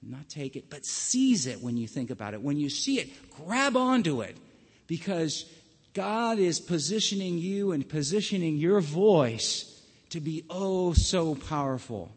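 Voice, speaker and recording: A man preaching a sermon as pastor, earnest and halting, often restarting his words. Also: a little high, husky, big-room sound.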